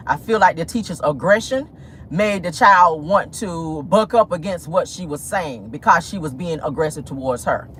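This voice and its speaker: A woman's voice: sits low, a bit bright, a little hiss or hum. A woman hosting a celebrity gossip show in casual, sassy commentary full of slang and laughter, talking from a car.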